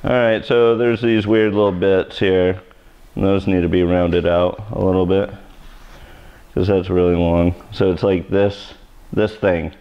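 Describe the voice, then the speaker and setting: A man's voice: low-pitched, fairly even intonation, measured pace, dull audio. A man hosting a live haircut tutorial, cracking self-mocking jokes and blunt asides as he cuts. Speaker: hairstylist host of live haircutting show.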